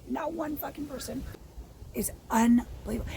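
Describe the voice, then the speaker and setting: A woman vlogger in an angry personal rant, her voice hoarse and froggy and out of breath, blunt and swearing, dropping to whispers and rising to shouts. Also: high-pitched, moderate pace, slight background noise, low-quality recording. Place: outdoors in sunlight.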